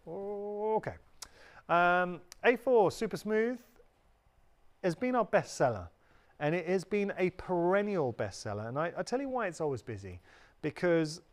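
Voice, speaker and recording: Chatty British man selling on live TV. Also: a little high. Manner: chatty, upbeat, self-correcting. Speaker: shopping channel presenter. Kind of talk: live TV sales pitch. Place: TV studio.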